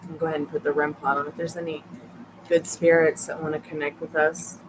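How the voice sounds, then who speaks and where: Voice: mid-range voice, level tone, fairly quick, noisy background. A tarot reader hosting a casual late-night live stream from a couch at home, chatting with viewers and the dog, sleepy and yawning.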